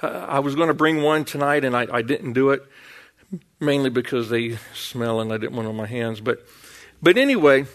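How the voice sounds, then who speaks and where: A man's voice: medium pitch, moderate pace. A middle-aged man preaching a sermon in a folksy storytelling way, calling out "Amen?" and "Hallelujah.". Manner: storytelling, folksy, with 'Amen?' and 'Hallelujah'.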